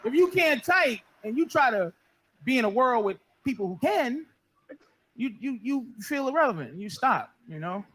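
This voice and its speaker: A man performing a stand-up comedy set, telling loud, profane, self-mocking stories while the audience laughs. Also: extremely high pitch, very animated, moderate pace, rough recording.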